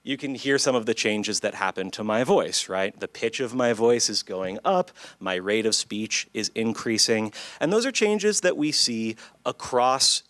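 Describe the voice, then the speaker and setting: A man who is a psychology professor, presenting his research at a conference in a clear, measured lecturing manner that engages the audience. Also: fairly low pitch, lively intonation, fairly bright tone, no echo. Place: lecture hall.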